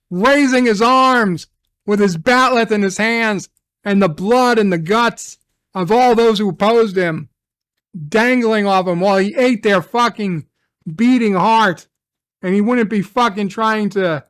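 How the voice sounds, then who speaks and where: A man's voice: high-pitched, fairly bright tone, dry recording, studio quality. A man ranting in an angry review, swearing constantly and venting his frustration.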